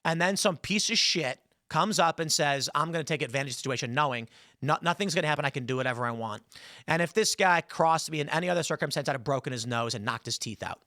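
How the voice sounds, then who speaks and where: A man's voice: on the high side, animated, brisk, pushed and bright, dry recording, clean studio sound. A man hosting a podcast, telling a story and giving heated commentary, angry and swearing as he talks. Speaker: podcast host.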